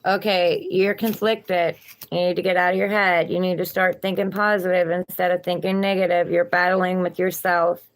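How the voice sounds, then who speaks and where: A woman's voice: lowish voice, level tone, a little fast, few pauses. A woman with a Southern accent, reading tarot cards on a live stream and chatting encouragingly with viewers. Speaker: tarot reader.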